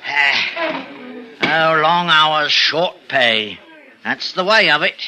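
Actor as a cheeky underling, bright lively voice, radio drama. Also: male voice, on the high side, drawn-out words, gravelly, faint music behind, full character voice, low-quality recording. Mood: sly. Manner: easygoing, slyly familiar. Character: sly young male assistant, cheeky.

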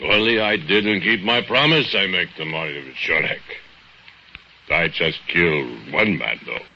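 Brooding foreign steelworker, broken English, extremely deep, piercingly bright, muffled old radio with light hiss. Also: male voice, full character voice. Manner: broken English, slow heavy confession. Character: brooding immigrant male steelworker, jealous. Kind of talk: 1940s radio acting.

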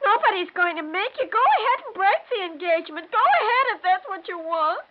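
An actress playing a touchy young fiancée in a 1940s radio drama, talking hesitantly and stammering. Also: female voice, very high-pitched, lively intonation, fairly quick. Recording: dull old radio recording.

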